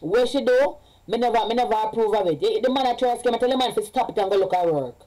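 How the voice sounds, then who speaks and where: A woman's voice: on the high side, fast, warm tone, rough recording. A Jamaican woman, a parent, talking casually in a vlog. She rambles, repeats herself and slips between English and patois. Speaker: vlogger.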